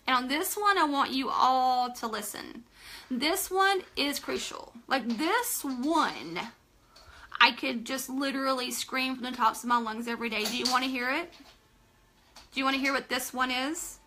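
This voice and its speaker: A woman's voice: high voice, moderate pace, sharp tone, a little hiss or hum. A woman giving a live motivational talk to team leaders, emphatic and direct, repeating phrases for stress and asking viewers to comment. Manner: addresses listeners directly, asks for comments.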